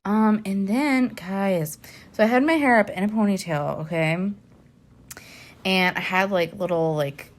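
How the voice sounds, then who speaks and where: A woman's voice: mid-range voice, measured pace. A woman vlogger chatting casually to her viewers, rambling with lots of fillers and laughs. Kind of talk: casual chat.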